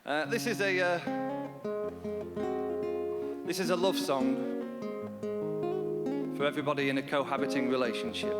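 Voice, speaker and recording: A man doing stand-up comedy live on stage, telling stories in a dry, deadpan way with bursts of mock panic. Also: fairly high pitch, normal speed, long pauses. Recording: hall reverb with guitar music.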